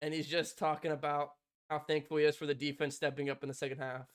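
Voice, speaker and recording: A man doing live fan play-by-play on a stream. He swings from loud, shouted excitement to soft, stunned murmuring, with frequent laughter. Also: a little high, fast, clear, resonant tone. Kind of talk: live fan reaction commentary.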